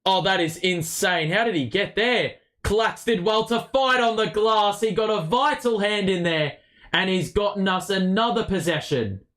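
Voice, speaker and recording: A man calls a game as a partisan fan, his fairly high voice rising into excited shouts on big plays and dropping low and muttered in lulls. He swears freely and talks straight into a desk mic. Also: moderate pace. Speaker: host of a fan watchalong stream. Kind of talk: fan play-by-play commentary.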